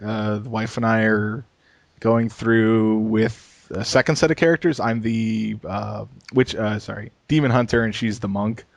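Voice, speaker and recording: A man's voice: on the low side, measured pace, vocal fry, no room sound. Een man die als medepresentator ontspannen over games praat, met veel opvulwoorden en gegrinnik. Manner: relaxed, hesitant with many fillers, chuckles. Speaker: podcast co-host. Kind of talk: casual gaming podcast chat.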